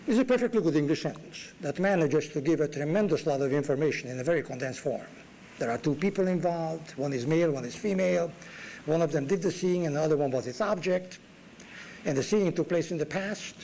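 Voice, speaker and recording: A man lectures in a university room, with dry humor and lines that lift sharply for emphasis. His voice sits a little high for a man. A faint hum of room noise runs underneath. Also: expressive, brisk, mellow, rough recording. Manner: dry wit, emphatic rises. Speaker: guest lecturer. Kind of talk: classroom lecture.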